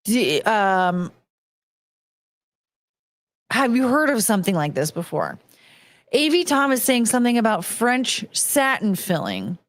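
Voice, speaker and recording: American woman streamer, ranting and profane, lively pitch, dry close sound. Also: unhurried, long pauses, no echo. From United States. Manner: ranting, profane, talks to chat. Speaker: streamer host. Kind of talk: casual livestream chat.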